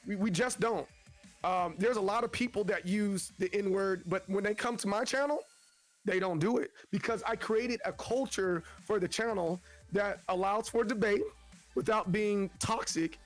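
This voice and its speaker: Guest streamer, male, high register, rambling delivery, from Tennessee. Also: moderate pace, soft background music. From Tennessee, USA. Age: adult with children. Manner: rambling, frequent restarts, acts out quotes. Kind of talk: casual interview talk.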